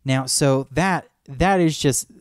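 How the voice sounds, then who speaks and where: Excitable man rambling about movies, dry mic. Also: medium pitch, slow, no room sound. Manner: enthusiastic, rambling, acts out movie quotes. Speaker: podcast co-host. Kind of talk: casual fan chat.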